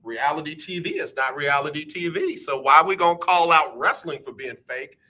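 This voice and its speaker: A man hosting a live radio talk show, animated and joking as he teases his listeners. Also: fairly high pitch, moderate pace. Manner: animated, joking, playful teasing. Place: radio studio.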